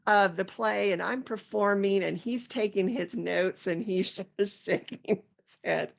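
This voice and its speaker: Woman host, gravelly fry, reflective storyteller in casual talk. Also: mid-range voice, unhurried. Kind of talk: casual conversation.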